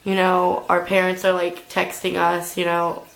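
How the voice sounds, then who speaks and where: A woman's voice: on the low side, monotone, unhurried, creaky, fairly bright tone, rough recording. A young adult woman telling a storytime vlog, rambling along with lots of filler "like"s. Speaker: vlogger.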